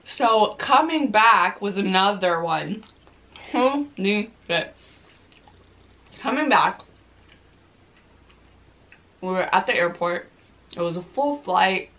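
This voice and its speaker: A woman's voice: medium pitch, animated, slow, long pauses, fairly bright tone. A young woman vlogger telling a story casually while eating, chatty and full of "like"s, swearing freely.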